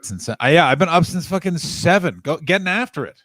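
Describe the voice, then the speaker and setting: A man's voice: a little high, expressive, pushed and bright, dry recording, clean studio sound. A man co-hosting a casual live stream, tired, teasing his friend and ranting in bursts. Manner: ranting, teasing, quick jokes. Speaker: podcast co-host.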